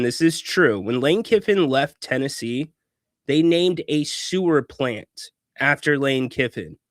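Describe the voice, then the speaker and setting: A male sports talk host who speaks at a slow, deliberate pace with a slightly high voice. He is opinionated, stumbling over and restarting words now and then. The sound is dry and close, with no room around it. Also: fairly bright tone, no echo.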